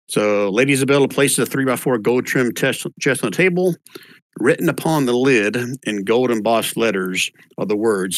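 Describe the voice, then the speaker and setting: A man running a tabletop game as game master, narrating scenes and reading letters aloud in a steady voice. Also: medium pitch, normal speed, no echo, rough recording.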